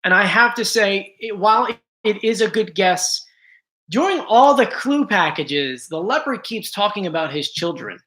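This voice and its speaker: A man's voice: high-pitched, expressive, normal speed, sharp tone. A man hosting a casual livestream, chatting to viewers with frequent restarts and apologetic asides. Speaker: host.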